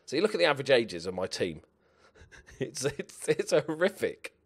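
A man's voice: medium pitch, big pitch swings, moderate pace, husky. A young man playing a football management game, muttering to himself and swearing at his players as he comments. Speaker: gaming channel host.

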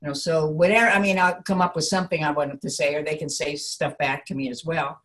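A woman's voice: low voice, fast talker. A middle-aged woman teaching character voice technique, switching between demonstration voices and explanation. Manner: animated, jumps between demo voices and explanation. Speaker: voice acting teacher.

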